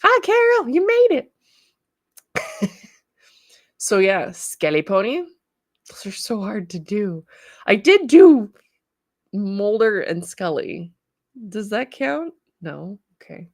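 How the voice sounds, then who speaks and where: A woman's voice: medium pitch, very animated, slow, long pauses, a little mellow, no echo, clean studio sound. Bubbly Canadian woman streaming. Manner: bubbly, reads chat comments aloud and laughs often. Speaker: livestream host, studio owner. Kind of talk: casual livestream chat.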